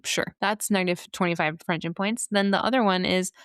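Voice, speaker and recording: Lady podcast host ranting, sarcastic, smooth clear voice, dry close sound. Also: on the low side, a little fast, no room sound. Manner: animated, sarcastic, rhetorical asides. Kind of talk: casual commentary.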